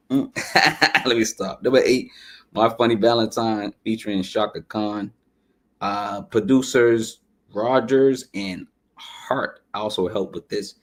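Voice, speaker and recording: A man with a fairly low voice talks casually as a podcast host, running through tracks with loose asides and frequent shout-outs. He keeps dropping "you know what I'm saying" as he goes, and his nose is running. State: runny nose. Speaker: podcast host reviewing an album. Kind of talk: casual music review chat.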